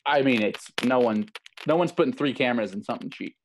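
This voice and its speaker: A man's voice: mid-range voice, lively intonation, fast talker, slight background noise, low-quality recording. Casual man hosting a quiz on a call. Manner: runs a quiz game, reading out headlines. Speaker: podcast co-host. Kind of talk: casual chat over a video call. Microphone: video call.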